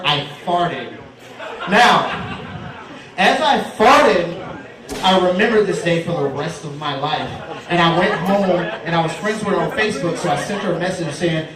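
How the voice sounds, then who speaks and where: A high-voiced man working the crowd as a comedy host, loud, teasing and crude. He is heard from a distance in an echoey room, with a lively audience laughing behind him. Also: measured pace. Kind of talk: stand-up crowd work.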